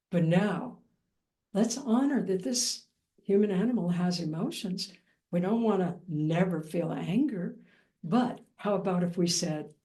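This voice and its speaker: Mellow-voiced woman giving a dharma talk. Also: medium pitch, animated, normal speed. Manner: gentle, reflective, lightly playful. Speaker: Buddhist teacher.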